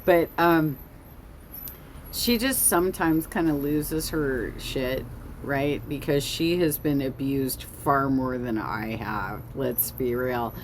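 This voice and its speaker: A woman hosting a casual reaction commentary, slow and rambling, with many fillers and self-corrections. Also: very deep voice, slight background noise. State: has the hiccups. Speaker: reaction video host. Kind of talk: casual commentary over a song.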